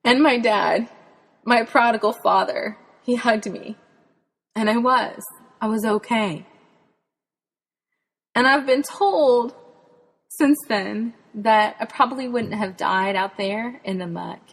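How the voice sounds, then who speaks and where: With a voice on the high side, this Texas spirituality author and podcast host moves slowly through her faith testimony, leaving long pauses. The telling is earnest and reflective, and a long hall reverb fills the recording.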